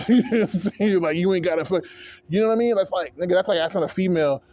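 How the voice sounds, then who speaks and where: A man's voice: sits high, quick pace, dark tone, a little hiss or hum. A man in his thirties venting in a rambling, profane, heated rant to camera as a vlogger. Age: 30s.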